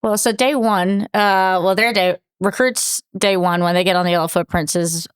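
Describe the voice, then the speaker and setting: A middle-aged woman speaks as a military commander being interviewed, earnest and animated as she recounts events, with plenty of "um" and "you know." Her voice is smooth and clear, recorded dry and close with no room sound. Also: mid-range voice, normal speed, dry recording. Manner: earnest, animated storytelling with many fillers. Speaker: battalion commanding officer, guest. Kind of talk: conversational interview storytelling.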